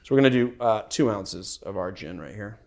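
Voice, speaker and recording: A man's voice: lowish voice, lively intonation, fairly quick, vocal fry, a little mellow. A young man hosting a cocktail show, chatting in a rambling, playful way with many fillers. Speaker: bartender host. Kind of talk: casual cocktail-making show.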